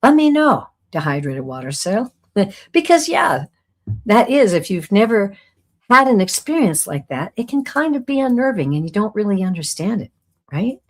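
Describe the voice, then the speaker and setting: A middle-aged woman hosting a live-streamed class as a psychic medium, talking earnestly and rambling a little, reading out viewer comments with soft laughs. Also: normal speed. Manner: warm, earnest, rambling, with soft laughs and lively pitch swings.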